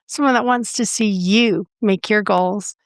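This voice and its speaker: A woman's voice: mid-range voice, a little slow, smooth, no room sound, clean studio sound. A woman hosting a podcast interview, enthusiastic and affirming toward her guest. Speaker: podcast host.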